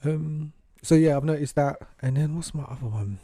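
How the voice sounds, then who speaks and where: Male podcast co-host, middle pitch, warm mellow tone, dry close recording, casual and profane. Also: normal speed, no room sound. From England. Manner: animated, swears freely, acts out voices of other people. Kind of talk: casual chat. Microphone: podcast studio mic.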